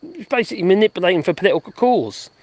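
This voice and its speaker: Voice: mid-range voice, very animated, rapid-fire, a little mellow, dry recording. A live-stream host, chatting in a rambling way from a garden and laughing often. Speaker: livestream host. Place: outdoors in a garden.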